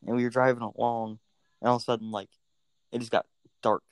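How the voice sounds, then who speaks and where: A man's voice: mid-range voice, level tone, fast talker, dry recording. A man chatting casually as a podcast guest, telling stories loosely with lots of fillers. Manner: loose, filler-heavy storytelling. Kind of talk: casual chat.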